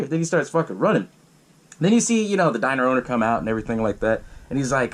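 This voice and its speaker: Lively, profane podcast host guy. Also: mid-range voice, quick pace, low-quality recording. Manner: loose, profane storytelling with frequent laughs. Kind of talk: casual movie recap.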